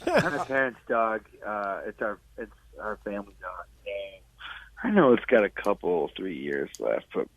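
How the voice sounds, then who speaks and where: A man in casual chat, relaxed and reflective, who often says "dude.". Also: on the low side, normal speed, dry recording. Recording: tinny phone-like sound.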